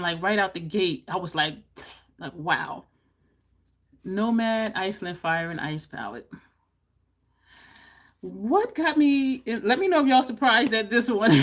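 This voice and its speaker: A woman beauty vlogger chatting to camera, animated and laughing often, with high exclaimed reactions. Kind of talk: casual chat to camera.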